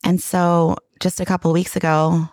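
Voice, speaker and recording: A woman's voice: fairly low pitch, little pitch movement, moderate pace, darkish tone, dry recording, studio quality. A middle-aged woman telling a candid personal story in casual conversation, emotional and full of restarts. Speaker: guest.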